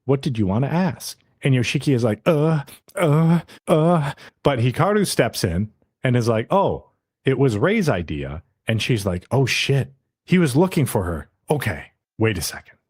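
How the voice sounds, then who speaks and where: A man in casual podcast talk, walking through an anime episode scene by scene and slipping into quick character voices along the way. His voice sits at an ordinary middle pitch, recorded close and dry with no room sound. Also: big pitch swings, darkish tone, breathy edge, no echo. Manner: retells scenes, briefly putting on the characters' voices. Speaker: podcast co-host. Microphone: podcast mic.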